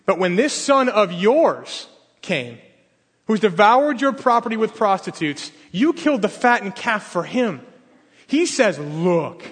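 A man preaching a sermon, retelling a story and acting out each character's pleading and complaints in lively voices. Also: high-pitched, a little slow, breathy edge. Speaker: pastor. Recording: reverberant hall.

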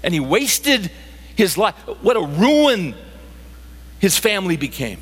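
A man's voice: sits high, very animated, slow, husky. A middle-aged man preaching a sermon, emphatic and full of rhetorical questions to his listeners. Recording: long hall reverb.

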